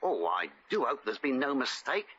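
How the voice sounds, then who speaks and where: A stammering fussy hotel clerk. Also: male voice, medium pitch, sing-song, normal speed, a bit bright, a little hiss or hum. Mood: fawning. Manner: stammering, fluttery, obsequious. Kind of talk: 1950s radio comedy acting. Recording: muffled old radio broadcast.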